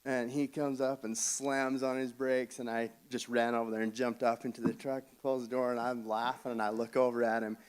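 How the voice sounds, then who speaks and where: A man telling a family story at a funeral service, speaking haltingly with frequent restarts and soft chuckles. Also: mid-range voice, flat delivery, smooth. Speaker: family member giving a eulogy.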